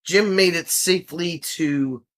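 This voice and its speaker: This man's high, fairly bright voice moves a little slowly as he hosts a casual livestream. Playful and teasing, he answers viewers and wanders from subject to subject.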